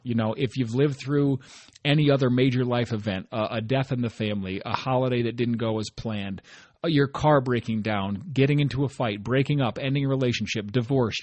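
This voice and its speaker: Speaking as host of his own motivational podcast, he keeps things conversational and earnest, often asking "right?" to bring listeners along. The voice is mid-range and a touch mellow, with no echo.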